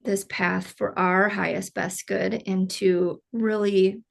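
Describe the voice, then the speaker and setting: A woman's voice: mid-range voice, little pitch movement, slow pace, creaky. A woman hosting a casual podcast interview, talking earnestly with lots of "like" and "you know". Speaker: podcast host.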